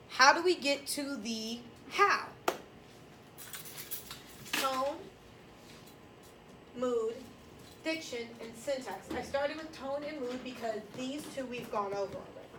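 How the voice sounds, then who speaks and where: A woman teaching a high school English class, lecturing in a blunt, sassy, emphatic way. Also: background noise.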